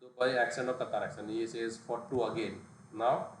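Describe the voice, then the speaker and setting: A man's voice: mid-range voice, steady tone, brisk. A man teaching a live online programming lesson, explaining step by step and often checking that students follow. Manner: explains step by step, checks understanding with tag questions. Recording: echoey, distant mic, background noise.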